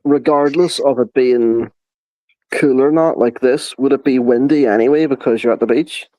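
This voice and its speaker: A man's voice: mid-range voice, moderate pace, no echo, dull audio. A man in casual chat, telling stories at a rambling pace and swearing casually.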